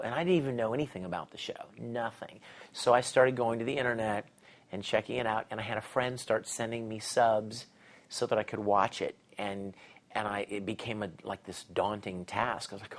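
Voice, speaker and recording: A middle-aged man, a voice actor, telling stories in an interview with lively energy, laughing and acting out quotes. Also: on the low side, normal speed. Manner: animated, laughs often, acts out quotes. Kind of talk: casual interview storytelling.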